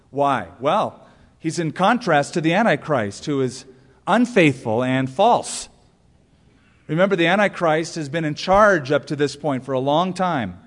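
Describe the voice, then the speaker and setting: A man's voice: on the high side, in a large hall. A male pastor preaching a sermon, telling stories and asking rhetorical questions with emphatic punch lines.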